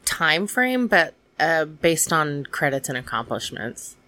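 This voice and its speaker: A woman comedian who is a guest on a podcast, soft-spoken and easygoing in casual conversation. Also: sits low, big pitch swings, slow pace, a little hiss or hum. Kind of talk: casual interview chat.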